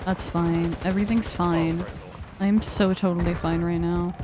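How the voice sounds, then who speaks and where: A young woman streaming a shooter game, chatting casually with viewers, excitable and swearing often. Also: lowish voice, a little slow. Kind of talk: casual gaming stream chat. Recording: noisy background hiss.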